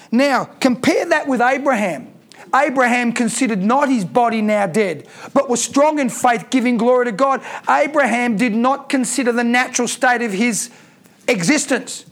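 A man's voice: very high voice, lively intonation, normal speed. A man preaching a sermon, emphatic and repeating key lines for effect.

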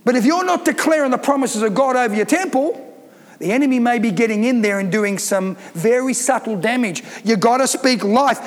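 In a reverberant church hall, a pastor with a very high voice preaches a sermon at a brisk clip. He is emphatic and insistent, his intensity rising as he drives home each point.

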